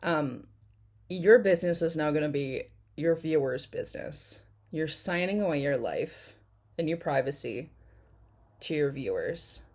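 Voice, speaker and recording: Low-voiced chatty woman commentator. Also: expressive, measured pace, darkish tone. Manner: chatty, rambling, laughs often, many ums. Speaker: commentary YouTuber. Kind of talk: casual reaction commentary.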